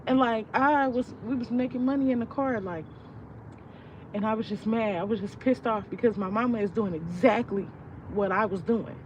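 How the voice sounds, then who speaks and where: A woman's voice: on the high side, normal speed. Young woman venting, profane and rambling. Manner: profane, rambling, heartfelt, reflective. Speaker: vlogger. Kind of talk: casual personal venting. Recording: distant, muffled mic with street noise.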